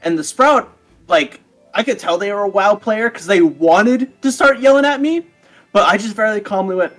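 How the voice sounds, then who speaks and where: A man in casual late-night chat, telling a gaming story in an animated way and acting out the quotes. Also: high-pitched, normal speed. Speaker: gamer friend.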